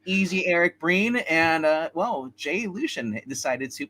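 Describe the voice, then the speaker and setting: A male host chatting loosely on a livestream, with a bright, forward voice sitting a little above the usual male pitch. He jokes around, laughs easily and often trails off and starts again. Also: animated, measured pace. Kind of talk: casual livestream chat.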